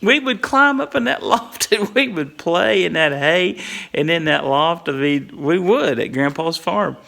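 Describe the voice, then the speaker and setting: A middle-aged man from tells a comic story in a relaxed, conversational way. His voice sits a bit high for a man and has a gravelly, fry-laden texture, and he breaks into little chuckles throughout. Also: unhurried. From Whitley County, Kentucky.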